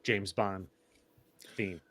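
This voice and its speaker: A man's voice: low voice, steady tone, drawn-out words, fairly bright tone, no echo. A tipsy man co-hosting a film podcast, recounting scenes in casual chat. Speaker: podcast co-host.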